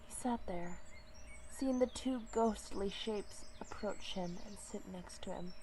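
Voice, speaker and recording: A woman's voice: medium pitch, measured pace, warm tone, a little hiss or hum. A woman narrating a fan-made animal story in a hesitant way, correcting herself as she goes.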